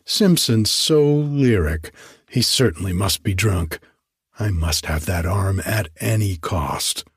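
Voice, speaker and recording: A man voicing a boisterous young male medical student who mocks and teases loudly. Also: low voice, slow, breathy edge, no room sound, clean studio sound, full character voice. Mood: mocking. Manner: loud, mocking, excitable.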